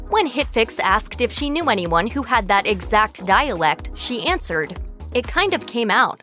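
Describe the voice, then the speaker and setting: A woman narrating a scripted entertainment video in a brisk, polished voice-over. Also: on the high side, pushed and bright. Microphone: close studio voice-over mic.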